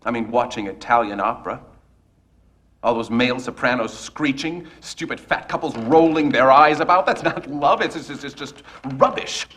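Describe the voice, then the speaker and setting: An actor playing a brash, giggly young composer who talks in a cheeky, dismissive way. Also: male voice, mid-range voice, normal speed, a bit bright, lightly acted. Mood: scornful.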